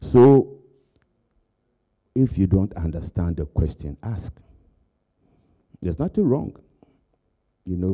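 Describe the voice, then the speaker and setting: A man's voice: low voice, warm tone. An older man giving a conversational keynote speech, telling anecdotes and laughing at his own jokes. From Ghana. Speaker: keynote speaker.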